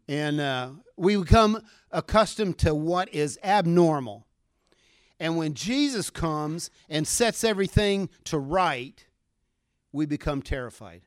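Animated male preacher, dry close sound. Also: fairly high pitch, measured pace, dry recording. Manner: animated storytelling, acting out voices in quotes. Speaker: pastor. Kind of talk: sermon.

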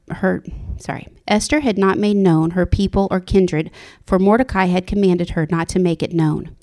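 A woman delivers a passionate sermon, her voice rising to high, excited exclamations and then falling to a whisper when she voices her inner thoughts.

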